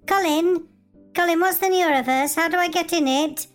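Casting: a man putting on a frail, confused old lady, very high and quavering, pleading. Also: normal speed, faint music behind. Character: confused old woman calling everyone mother.

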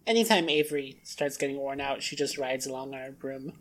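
A woman's voice: extremely low pitch, a little fast. A woman playing a tabletop game, speaking in character with hesitant restarts and easy amusement. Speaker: player.

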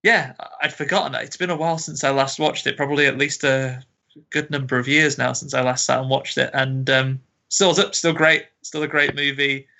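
A man's voice: mid-range voice, steady tone, brisk, vocal fry, bright, forceful tone. A man co-hosting a podcast in casual chat, rambling and laughing easily. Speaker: podcast co-host.

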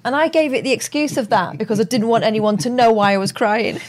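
A woman's voice: a little high, quick pace. A woman in her forties, chatting casually as a podcast co-host and making dry, wry remarks. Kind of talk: casual chat.

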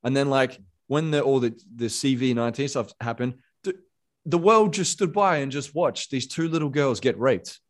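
A man's voice: mid-range voice, normal speed. A man talking in a casual podcast chat, impassioned and rambling, peppering his speech with "bro" and "man". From Australia. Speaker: podcast guest.

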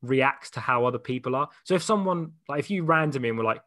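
A man's voice: mid-range voice, fast, dry recording, studio quality. Chatty young Englishman with restarts. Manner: chatty and animated, loose with many "like"s and restarts. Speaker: interview guest. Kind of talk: casual conversational interview.

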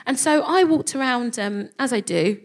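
A woman's voice: a little high, normal speed. A woman, telling a comic story on a live stage, swearing freely and acting out the people in it. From England. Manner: animated, swearing, acts out voices, laughs at own jokes. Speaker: comedy podcast co-host. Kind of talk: live stand-up storytelling before an audience.

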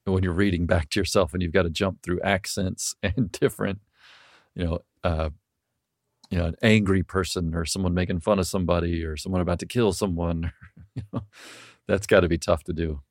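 A man with a deep, fairly even voice talks a little quickly in a clean, dry studio recording. He hosts a podcast and tells loose stories in casual chat, laughing easily and swearing now and then.

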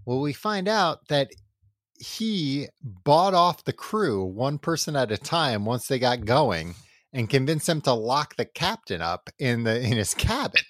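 A young adult man co-hosting a podcast, rambling through a book's plot and tossing off quick character voices. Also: medium pitch, a bit bright, no echo, clean studio sound. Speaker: podcast co-host. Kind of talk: casual chat, recapping a book.

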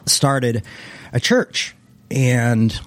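A man's voice: mid-range voice, fairly even intonation, very slow. A man, a former pastor, reflectively telling his life story in a casual interview, meandering and often restarting his sentences.

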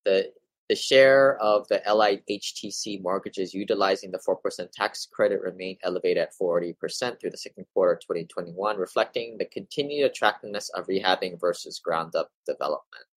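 A man's voice: low voice, fairly quick, no echo, poor audio. A man hosting a casual explainer, reading articles aloud and adding chatty asides to listeners. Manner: conversational, addresses listeners as you guys, with asides. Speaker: real estate investing newsletter host.

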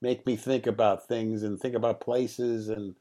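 A man's voice: on the low side, unhurried. A middle-aged man, a film director guest, telling anecdotes in an interview, acting out quotes and laughing often. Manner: lively raconteur, acts out quotes, laughs often.

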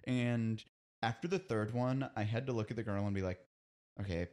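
This podcast host talks casually at a normal speed, his lowish voice a bit mellow. He's a talkative storyteller who breaks into laughter frequently.

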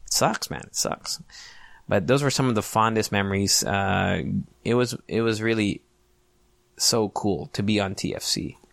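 A man in his late twenties hosts a solo podcast, casual and profane, poking fun at himself and laughing often. His voice is lowish, gravelly and a bit bright at a normal speed, with no room sound.

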